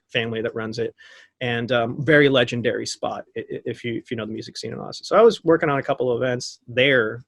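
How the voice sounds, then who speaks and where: A man in his thirties telling a story as a podcast guest, lively and acting out what people said, laughing often. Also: medium pitch, gravelly, dry recording. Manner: animated, acts out quotes, laughs often. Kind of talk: casual storytelling.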